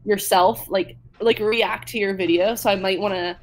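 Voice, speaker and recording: A woman's voice: mid-range voice, steady tone, normal speed. A young woman guesting on a podcast, chatting casually with lots of fillers and giggles over a video call. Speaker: podcast guest, makeup creator. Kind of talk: casual chat.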